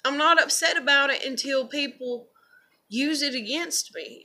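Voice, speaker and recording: A woman's voice: high voice, normal speed, bright, forceful tone. A woman and mother speaking in a casual monologue, rambling, candid and often profane. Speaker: vlogger and mother.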